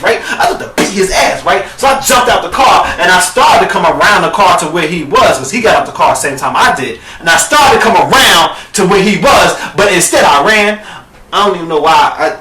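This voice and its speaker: A young man telling a profane, dramatic story to his camera, calling his viewers "girl" and breaking into shouts at the high points. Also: recorded from a distance, slight background noise. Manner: bursts into shouting at peaks. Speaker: vlogger. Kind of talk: animated storytelling rant. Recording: echoey room, off the mic.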